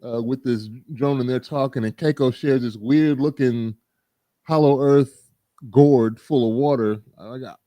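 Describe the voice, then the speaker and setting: Mellow-voiced man recapping with laughs. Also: mid-range voice, a little slow, dry recording. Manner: animated storytelling, laughs often. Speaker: podcast host recapping an episode. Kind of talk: casual chat.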